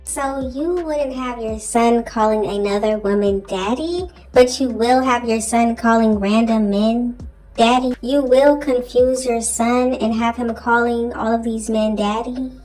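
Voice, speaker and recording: A woman's voice: a little high, measured pace, a little mellow, faint music behind, rough recording. A woman commentator picking apart another creator's claims with pointed rhetorical questions. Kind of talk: commentary on online drama.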